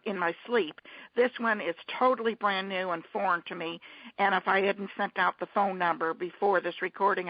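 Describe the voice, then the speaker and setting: A woman hosting a teleconference casually, talking haltingly with many restarts and fillers over a muffled conference-call line. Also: fairly low pitch, gravelly, no echo.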